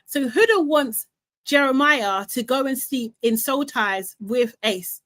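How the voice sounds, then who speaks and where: A woman hosting a casual live recap, retelling the drama in a chatty, animated way with some swearing. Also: high voice, takes it slowly, no room sound. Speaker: reality show recap host.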